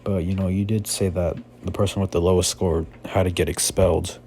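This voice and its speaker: A man voicing a calm, confident young male hero student, in a casual, halting delivery with fillers. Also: low voice.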